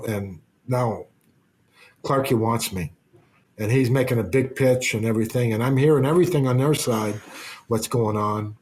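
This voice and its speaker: A man, a former hockey player, spins a long casual anecdote in a podcast interview. He circles back on himself, restarts his sentences and lets the odd swear word slip. His voice sits at an ordinary middle pitch for a man. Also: normal speed, a little mellow.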